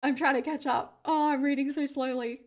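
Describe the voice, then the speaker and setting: A woman with an Australian accent hosts a relaxed livestream, reading out viewer comments and answering them. Her voice sits a little high, with vocal fry when she drops into her lower register, and she laughs easily as she talks. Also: moderate pace. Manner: chatty, laughs often, reads comments aloud. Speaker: livestream host.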